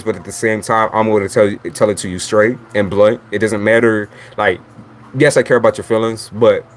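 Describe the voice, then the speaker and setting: A man with a fairly low voice talks in a loose, rambling monologue as a tarot reader. He is blunt and profane, with frequent laughs between his thoughts. A faint hiss of noise sits under his voice. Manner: blunt, chatty, swears freely, laughs often. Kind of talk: casual livestream monologue.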